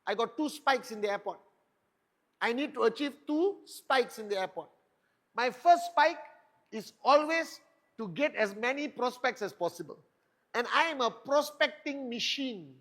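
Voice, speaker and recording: Man, high pitch, motivational speaker, punchy rhetorical questions, emphatic. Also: animated, moderate pace, fairly bright tone. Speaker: network marketing leader giving a motivational talk. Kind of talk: motivational speech.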